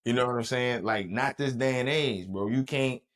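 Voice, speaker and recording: Dude on a podcast, easygoing slang, riffs and does little voices, mid-pitched. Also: male voice, normal speed, a bit bright. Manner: loose, slangy storytelling with playful voice impressions. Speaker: podcast co-host. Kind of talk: casual chat.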